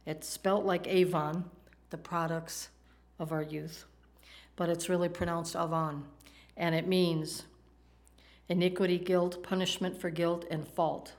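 Woman, preacher, lower voice, conversational sermon, asks her listeners questions. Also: level tone, a little slow.

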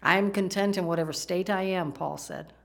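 A woman's voice: on the low side, fairly quick, creaky. A woman preaching a sermon, talking conversationally and asking the congregation questions. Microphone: microphone, PowerPoint slides in a church.

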